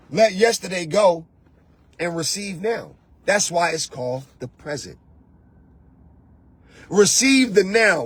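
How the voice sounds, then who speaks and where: A man with a high-sitting voice and a breathy edge, recorded dry, hosts a show as a spiritual coach. He delivers an emphatic motivational monologue packed with repeated phrases, addressing the listener directly with rhetorical questions.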